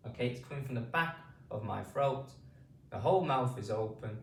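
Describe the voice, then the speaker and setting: A British man teaching phonics, repeating drawn-out vowel sounds slowly for beginners. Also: medium pitch, animated, creaky, echoey room, distant mic, a little hiss or hum. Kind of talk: slow spoken pronunciation lesson.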